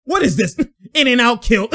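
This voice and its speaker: A man's voice: extremely high pitch, animated, normal speed, creaky, pushed and bright. A man hosting his own show, giving exasperated, slang-heavy commentary as he breaks down game footage, with frequent exclamations. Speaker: host. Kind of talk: sports film breakdown commentary.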